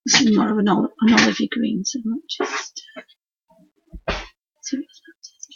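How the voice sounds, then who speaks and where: Raspy Yorkshire woman with a croaky voice. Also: on the high side, fairly even intonation, normal speed. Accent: Yorkshire English. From Yorkshire, England. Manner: homely, rambling, talks to her dog and viewers. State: hoarse, croaky voice. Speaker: craft tutor streaming live. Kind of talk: chatty live painting demonstration. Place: at home at her work desk. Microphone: computer mic for a live stream. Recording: dull lo-fi live stream audio.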